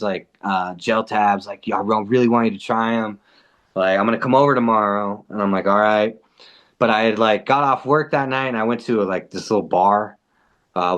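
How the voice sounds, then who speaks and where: Man, podcast guest, casual storytelling, profane, animated, lots of "like". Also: lowish voice. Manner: animated, profane, heavy use of "like".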